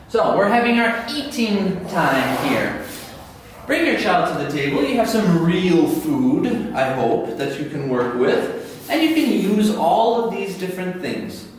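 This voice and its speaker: A man teaching an online lesson to parents, his voice fairly high and swinging widely in pitch. He talks fast and animated and acts out the phrases he is teaching. He is recorded from some distance in a strongly echoing room over a faint hum. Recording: echoey room, far from mic, faint hum.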